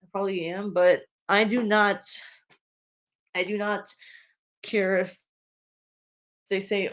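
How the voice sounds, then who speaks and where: A woman's voice: medium pitch, little pitch movement, slow, long pauses. Woman w a spanish accent streaming, rambly casual chat, lots of ums and restarts, blunt and exasperated. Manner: rambling, with many fillers and restarts; outspoken and exasperated. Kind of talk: casual rambling commentary while reading fan fiction.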